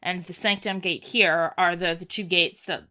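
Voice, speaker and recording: A woman co-hosting a podcast, explaining a video game puzzle in an animated, chatty way. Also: on the low side. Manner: animated, explanatory, quick to laugh. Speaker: podcast co-host. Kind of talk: casual chat about a video game.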